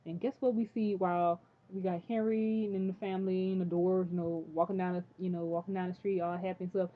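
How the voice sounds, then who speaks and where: An excitable woman chats through a TV episode recap, gushing and talking in quick loose bursts. Her voice sits a little low, and the sound is thin and tinny as if through a phone line. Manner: chatty, excitable, says "freaking" often. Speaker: TV episode reviewer. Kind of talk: casual recap chat.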